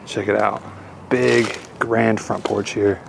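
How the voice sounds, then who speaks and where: A man's voice: on the low side, little pitch movement, slow, vocal fry, noisy background. A man narrating his urban exploration vlog outdoors, eager and guiding viewers along. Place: outdoors at an old house.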